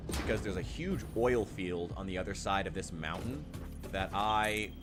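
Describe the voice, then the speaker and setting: A man's voice: low voice, moderate pace. A man giving casual, rambling commentary to himself while he plays a game. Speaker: gaming channel host. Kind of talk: casual let's-play commentary. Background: lo-fi music playing.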